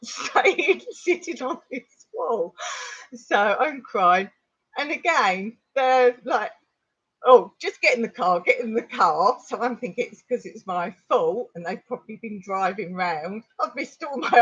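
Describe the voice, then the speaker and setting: A middle-aged woman from England, telling a long personal story on a livestream in a rambling, animated way. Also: medium pitch, slightly rough, muffled recording. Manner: rambling, animated retelling with laughs. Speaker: vlogger on a livestream.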